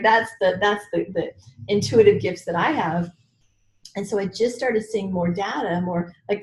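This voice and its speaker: Woman coach, animated storyteller, echoey room, mid pitch. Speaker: guest expert, coach. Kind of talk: conversational interview.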